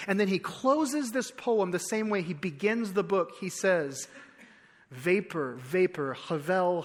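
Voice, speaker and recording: A man preaching a sermon as pastor, conversational with repeated phrases and restarts, dropping soft on key lines. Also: high voice. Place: church sanctuary. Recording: long hall reverb.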